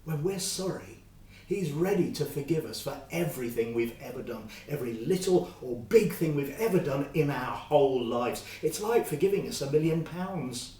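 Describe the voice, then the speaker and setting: A man telling a Bible story to children in a lively, expressive way. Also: a little high, moderate pace, reverberant, recorded from a distance, a little hiss or hum, rough recording.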